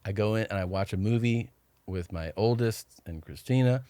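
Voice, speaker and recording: A man's voice: on the low side, moderate pace, dark tone, smooth, no room sound. Dry-sounding man telling rambling stories. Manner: rambling anecdotes, acting out what others said. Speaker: podcast guest. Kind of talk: casual storytelling chat.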